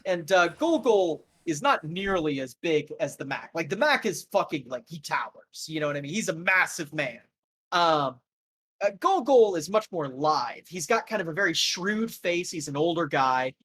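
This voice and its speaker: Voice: mid-range voice, sing-song, normal speed, fairly bright tone. A game master narrating a tabletop game in a rambling, casual, profane way.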